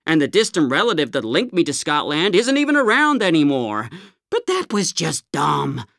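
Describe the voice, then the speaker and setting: A woman's voice: low-pitched, big pitch swings, normal speed, creaky, fairly bright tone, no room sound, clean studio sound, exaggerated voice. A young woman playing a gushing, clueless tourist in a comedy sketch, chatty and full of "like". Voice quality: bubbly, chatty, filler "like".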